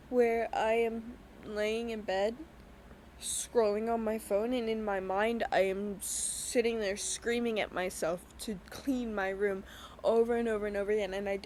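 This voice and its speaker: A young woman hosting her own podcast, talking candidly in a halting, hesitant way with many pauses and ums. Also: a little high, a little mellow, slight background noise. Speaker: podcast host. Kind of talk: candid personal talk. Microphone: voice-only recording with a black screen.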